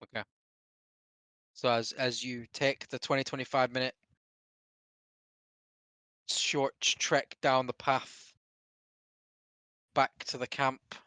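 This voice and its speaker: A man's voice: medium pitch, little pitch movement, slow, long pauses, bright, forceful tone, clean tone, no echo. A man, narrating a tabletop game as game master in a loose, rambling way.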